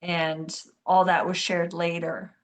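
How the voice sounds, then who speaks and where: A woman's voice: fairly low pitch, level tone, slow. Woman podcast host asking questions. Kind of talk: podcast interview.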